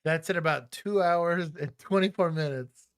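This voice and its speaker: A man's voice: fairly high pitch, normal speed, over a noisy crowd. A man from Texas, a former cop hosting a livestream, joking casually and explaining police procedure.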